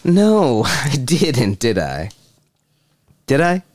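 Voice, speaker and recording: A man's voice: medium pitch, wildly swooping pitch, drawn-out words, a little mellow, heavily acted. An actor playing a sarcastic, menacing male police detective in a stage play reading, mocking and taunting. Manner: mocking, sing-song, taunting.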